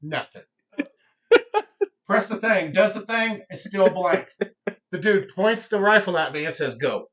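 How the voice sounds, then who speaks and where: A man, a podcast guest, telling stories in casual chat, animated and swearing freely. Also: high-pitched, a little slow, pauses often, distant mic. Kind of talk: casual storytelling. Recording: dull lo-fi audio, set back from the mic.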